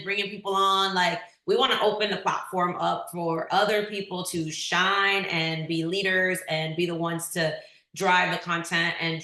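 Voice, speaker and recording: A woman hosting a webinar, speaking in an upbeat, quick and inviting way as she opens the floor to questions. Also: fairly low pitch, bright, forceful tone, roomy sound. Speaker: webinar host. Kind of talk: casual hosting on a video call.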